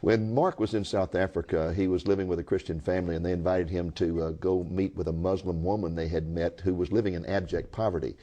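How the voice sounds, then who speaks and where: A man's voice: low-pitched, fairly even intonation, brisk, hardly any pauses, warm tone, muffled recording. A man hosting a TV interview program, telling stories and speaking directly to viewers in a folksy way. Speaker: TV host.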